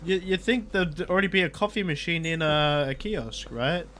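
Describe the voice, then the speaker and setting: A man's voice: a little high, moderate pace, fairly bright tone. A man doing crude, joking let's-play commentary while he plays. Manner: crude, joking, swears a lot. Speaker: gaming YouTuber.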